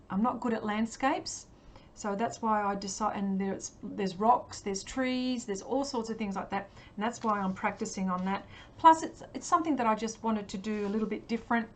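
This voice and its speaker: An Australian woman chatting casually on a livestream as she paints, answering viewers with many ums and frequent laughs. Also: mid-range voice. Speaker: livestream artist.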